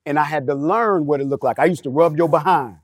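Middle-aged man, lively storyteller, casual panel talk, dry close sound. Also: a little high, quick pace, no echo. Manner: storytelling, animated, acts out quoted dialogue. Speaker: panel guest.

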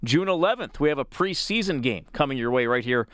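A man's voice: mid-range voice, animated, brisk, fairly bright tone, no echo. A man hosting a sports talk radio show, chatting easily with a guest and reading out call-in details from the studio. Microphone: close studio microphone.

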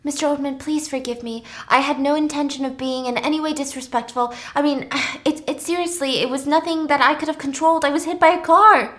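A woman playing a tearful young caller, soft and pleading, a little higher than usual. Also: steady tone, fairly quick, hardly any pauses. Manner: pleading, apologetic.

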